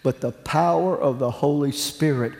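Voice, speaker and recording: A man's voice: on the high side, normal speed, creaky, noisy background. A man preaching a sermon, telling a story and then building into fervent, rising preaching. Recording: echoey hall with long reverb.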